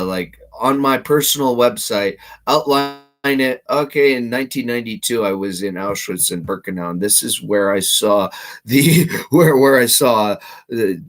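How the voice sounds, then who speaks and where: A man giving rambling solo commentary while reading aloud, meandering and restarting often, swinging between louder bursts and low mumbles. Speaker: channel host.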